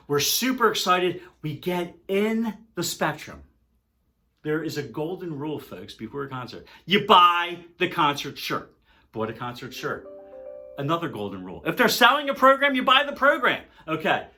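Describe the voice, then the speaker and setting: Animated older man telling stories. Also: a little high. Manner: animated, swings between loud excitement and hushed dread. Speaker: music vlogger. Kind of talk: casual storytelling to camera.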